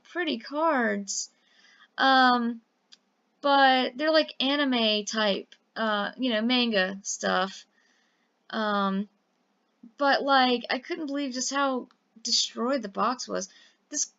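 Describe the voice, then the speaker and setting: A woman's voice: medium pitch, pushed and bright, muffled recording. A woman from Louisiana chatting casually about her eBay sales, rambling with lots of fillers. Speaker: eBay reseller vlogger. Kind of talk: casual chat.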